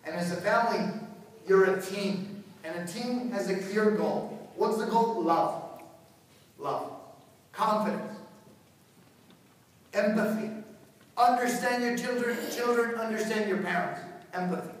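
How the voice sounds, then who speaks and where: Male priest, lively joking delivery; high voice, heard distant in a booming church. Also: unhurried, pauses often, heavy reverb. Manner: animated and joking, acts out parents and children. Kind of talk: parish talk to families.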